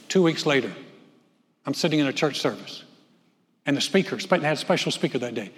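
A man preaching a sermon from the pulpit, animated, swinging from loud calls to hushed telling. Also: medium pitch, quick pace, long pauses. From North Carolina. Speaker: pastor. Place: church sanctuary. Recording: long church hall reverb.

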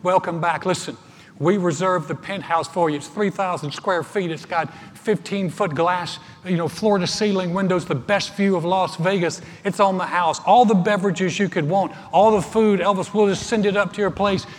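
A man voicing an excited, fawning male hotel concierge who rushes his words, in a sermon joke. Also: sits high, a little hiss or hum, pitched above the performer's own voice, lightly acted. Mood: gushing. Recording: live church recording with long reverb.

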